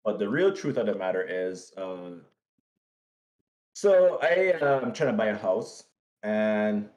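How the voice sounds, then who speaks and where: Lower-voiced man telling a story with a laugh. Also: slow pace. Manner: animated storytelling, laughing, self-mocking. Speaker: co-host. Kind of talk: casual podcast chat.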